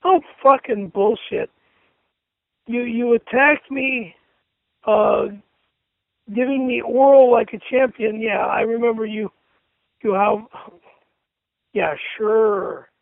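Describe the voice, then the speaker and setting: A man's voice: extremely high pitch, takes it slowly, vocal fry, pauses often, no room sound, phone-quality sound. A man ranting furiously and cursing while reading messages aloud, punctuation and all.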